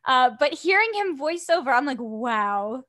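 A woman chatting casually as a podcast guest, telling animated stories and laughing often. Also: high-pitched, a little fast. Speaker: guest voice actor.

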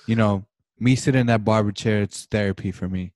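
A man's voice: on the low side, fairly even intonation, a little fast, darkish tone, no echo, clean studio sound. A young man, a podcast co-host, on a video call, ranting with mock passion and a lot of swearing. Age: young adult. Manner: dramatic mock-passionate rants, heavy swearing. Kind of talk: casual chat over video call.

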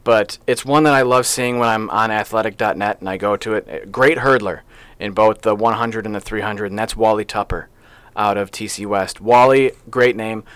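A lower-voiced man co-hosts a sports podcast, chatting casually and wandering off on playful tangents. His voice is close and dry, recorded at a studio mic. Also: normal speed, fairly bright tone, clear, resonant tone, no room sound. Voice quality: chatty, rambling, playful about names. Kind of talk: casual chat.

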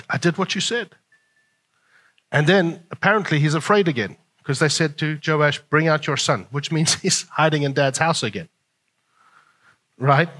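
A male pastor preaching a sermon in an animated way, often chuckling. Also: on the high side.

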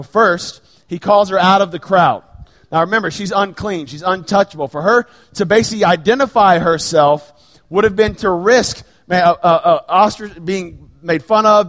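A middle-aged man preaching a sermon in a church sanctuary, dropping to hushed, slow lines and then rising to loud, raised bursts. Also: sits high. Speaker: pastor. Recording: long reverb of a large hall.

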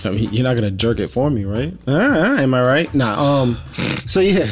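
A man's voice: medium pitch, lively intonation, a little fast, a loud crowd. Rambling, laughing male podcaster. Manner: laughing, rambling with many fillers. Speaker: podcast co-host. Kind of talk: casual banter.

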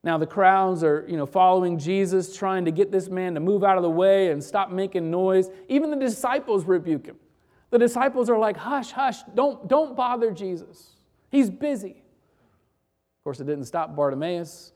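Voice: mid-range voice, normal speed. Dynamic preacher delivering a sermon. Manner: dynamic, swinging between loud emphatic bursts and quiet hushed passages. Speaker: pastor.

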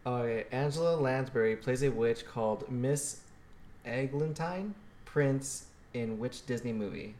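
A man's voice: medium pitch, a little slow, a little mellow. A man hosting a casual quiz among friends, laid-back and cursing offhand. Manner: laid-back, swears casually, laughs while asking. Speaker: quiz host. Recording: echoey room, faint noise.

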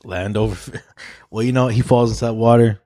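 Male podcast host, casual, swears a lot, trips over his words; middle-pitched voice. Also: steady tone, brisk, dark tone, no echo, studio quality. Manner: laid-back, profane, stammering restarts, laughs often.

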